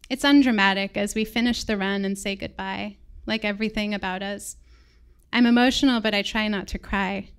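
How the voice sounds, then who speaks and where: A woman from England with an American accent, reading a personal story aloud on stage in a reflective, measured way. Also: mid-range voice, smooth.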